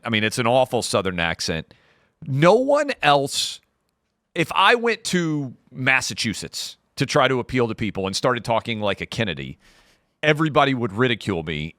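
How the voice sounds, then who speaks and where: Forceful, emphatic male podcast guest. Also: mid-range voice, no echo, clean studio sound. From Nashville, Tennessee. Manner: emphatic, argumentative opinion. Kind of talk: casual podcast talk.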